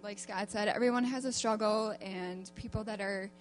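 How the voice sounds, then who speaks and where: A woman giving a church testimony in a halting way, with many fillers and restarts. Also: mid-range voice, steady tone, faint music behind. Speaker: program participant.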